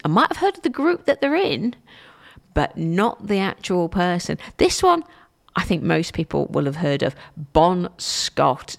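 A woman's voice: fairly low pitch, vocal fry. A woman radio presenter with a Stoke-on-Trent accent, chatting casually and rambling between records, laughing at herself. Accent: Stoke-on-Trent English.

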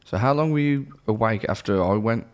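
A man co-hosting radio, with a voice that sits on the low side. He teases easily and drifts into relaxed chat, never in a hurry. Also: a little fast, clean tone. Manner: teasing, easygoing. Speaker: radio co-host. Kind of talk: casual on-air chat.

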